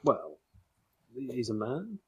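A man's voice: medium pitch, huge pitch swings, slow, darkish tone, breathy edge. A man playing a tabletop game, making dry, wry remarks in character. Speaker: player.

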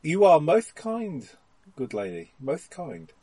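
A man's voice: on the high side, wildly swooping pitch, slow, darkish tone, breathy edge, full character voice. A man voicing a creepy male knight in a tabletop game, with stiff, formal courtly speech.

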